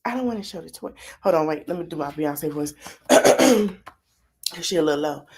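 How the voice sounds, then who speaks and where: A woman's voice: fairly low pitch, lively intonation, normal speed, darkish tone, husky. A woman hosting a live podcast stream, reacting to a video with blunt, sassy, mocking commentary full of slang. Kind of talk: livestream commentary.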